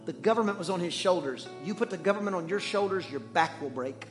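A man preaching a sermon in church as the pastor, animated and joking, swinging between loud and hushed. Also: sits high, fast, over music.

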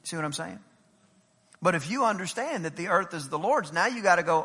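A middle-aged man preaching a sermon as pastor, emphatic and swinging from loud declarations to low, intimate asides. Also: lively intonation, normal speed, husky. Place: church sanctuary. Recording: long hall reverb in a church.

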